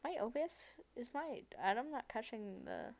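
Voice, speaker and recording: A woman's voice: a little high, animated, moderate pace, creaky, darkish tone. A woman streaming from a room at home, talking casually while she codes, thinking aloud, rambling and correcting herself as she goes. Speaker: live streamer. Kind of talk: casual live-stream talk while coding.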